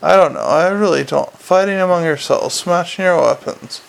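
A man's voice: on the high side, normal speed, vocal fry. A man voicing a weary, put-upon middle-aged male sergeant who talks in an exasperated, flustered way.

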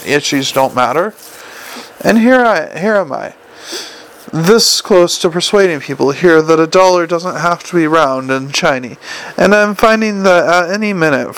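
A man reading an audiobook and voicing an exasperated, gloomy adult man in a gravelly voice. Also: lightly acted, low-quality recording. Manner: agitated and exasperated, rising in pitch. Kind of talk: audiobook character voice.

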